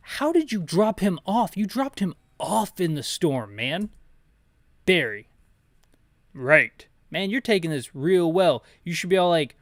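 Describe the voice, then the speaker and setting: A man describes a video game's scenes in detail, chatty and joking, often restarting his sentences. His voice sits a little high for a man. The sound is close and dry. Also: very animated, measured pace, dry recording. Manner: chatty, jokey asides, frequent restarts. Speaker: channel host describing a game. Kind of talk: audio description and commentary.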